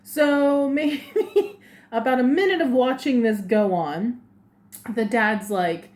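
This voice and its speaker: Woman vlogger, higher voice, lively casual storytelling with laughs. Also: takes it slowly. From lives in Japan. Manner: animated, laughing often, acts out voices.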